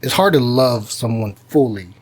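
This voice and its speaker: Husky-voiced man hosting a podcast. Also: mid-range voice, animated, moderate pace. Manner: reflective, laid-back, laughs often. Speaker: podcast host. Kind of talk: casual chat.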